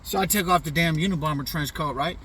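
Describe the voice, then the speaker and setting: A man's voice: a little high, quick pace, fairly bright tone, distant mic, a little hiss or hum. A middle-aged man casually telling a funny childhood story in loose, profane slang, often tossing in "you know what I'm saying.". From US Pacific Northwest. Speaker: vlogger.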